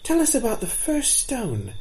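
A man's voice: extremely high pitch, huge pitch swings, unhurried, a little mellow, voice pushed up, exaggerated voice, rough recording. A man voicing a bold, eager young male fawn in a storybook, pleading and insistent.

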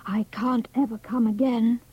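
A woman voicing a gentle young male hound puppy in a storybook reading, speaking in a hushed, breathy and earnest way. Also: a little high, fairly even intonation, moderate pace, highs cut off. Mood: worried.

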